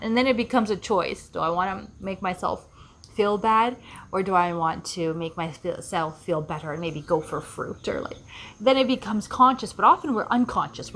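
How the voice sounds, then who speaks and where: A woman's voice: mid-range voice, a bit bright, slight background noise. A woman life coach giving an earnest, reflective self-help talk, often repeating herself for emphasis. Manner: earnest, repetitive, acts out quoted voices.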